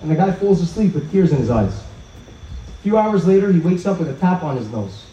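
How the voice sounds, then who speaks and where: Animated man telling stories, higher mellow voice. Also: moderate pace. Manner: animated storyteller who acts out quoted dialogue. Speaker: speaker at a religious event. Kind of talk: inspirational talk. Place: outdoor evening gathering. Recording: roomy, dull sound from a distance.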